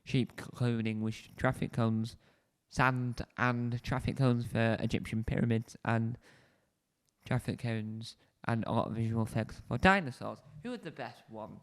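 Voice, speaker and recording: A man's voice: medium pitch, measured pace. Chatty man rambling through a review. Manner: rambling, self-correcting, chatty. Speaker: show reviewer, video host. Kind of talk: casual solo review chat. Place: indoors, seated on a squeaky spinny chair. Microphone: desk mic close to the face.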